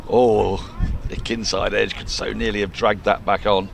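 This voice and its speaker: A man's voice: lowish voice, unhurried, creaky. A man giving live cricket commentary outdoors at a ground, playful and jokey as he calls the play. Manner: playful, jokey, animated delivery. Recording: open-air ground noise under the voice.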